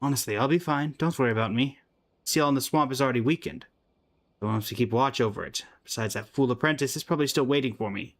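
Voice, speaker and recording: A man voicing a wounded, stubborn male guard in a game, using a put-on accent and a tired, steady delivery. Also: mid-range voice, fast talker, natural voice. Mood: weary.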